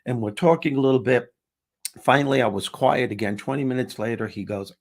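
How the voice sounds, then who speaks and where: A comedian and motivational speaker telling an animated story in conversation, acting out the other people's lines with shifting voices. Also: male voice, medium pitch, brisk. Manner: acts out dialogue, shifting voice for each person.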